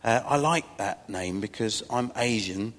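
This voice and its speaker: A man's voice: fairly low pitch, a little slow, a bit bright. A middle-aged man preaching a sermon as a pastor, telling stories in a chatty, self-deprecating way with asides to the congregation. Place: church. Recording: long church-hall reverb.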